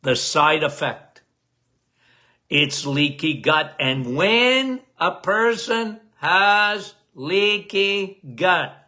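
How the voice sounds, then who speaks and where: A loud, emphatic man hosts a casual health talk, his voice bright and forceful and pitched a bit high. He speaks slowly and drives his points home by repeating them. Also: animated. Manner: loud, emphatic, cannot lower his volume; repeats key phrases, addresses listeners as guys. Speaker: health podcast host.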